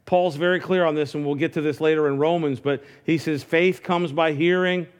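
A man with a slightly higher voice preaches to his congregation, talking it through casually with many restarts. At times he lifts his voice into fervent, ringing calls. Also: steady tone, a little fast, a little mellow. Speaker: pastor. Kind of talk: sermon.

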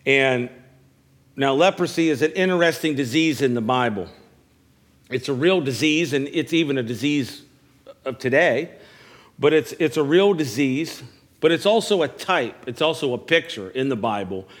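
Preaching a church sermon at a moderate pace, this pastor has an animated, mid-range voice. He asks the congregation questions, echoes his main phrases, and stumbles over restarts.

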